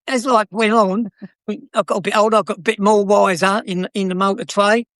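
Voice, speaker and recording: Older south london geezer telling car trade stories, cheeky and laughing, dry close sound. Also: male voice, high-pitched, flat delivery, fairly quick, fairly bright tone, no echo. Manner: chatty, laughing, cheeky, acts out customers. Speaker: guest, former car dealer. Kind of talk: anecdotal storytelling.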